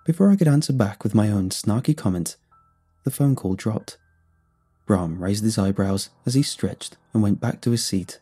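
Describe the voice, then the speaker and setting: A man narrating a first-person horror story in a measured storytelling manner. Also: lowish voice, lively intonation, dark tone, slightly rough. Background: faint music.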